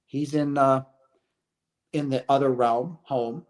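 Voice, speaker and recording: A man's voice: mid-range voice, fairly even intonation, slow. A middle-aged man giving an earnest, preachy spiritual talk to his viewers, often repeating phrases and asking "right?". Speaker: host of a chat stream.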